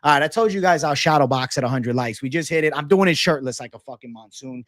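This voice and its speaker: A man's voice: fairly high pitch, fast talker, hardly any pauses, no echo. A man hosting an MMA livestream in casual, profane, hyped chat full of slang.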